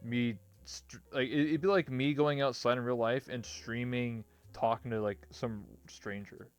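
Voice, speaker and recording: A man's voice: medium pitch, steady tone, a little slow, smooth. Brief: young male host, casual and loose, mid-range voice, faint music behind. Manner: loose, swears, laughs, acts out quotes. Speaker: talk show host. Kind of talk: casual interview chat.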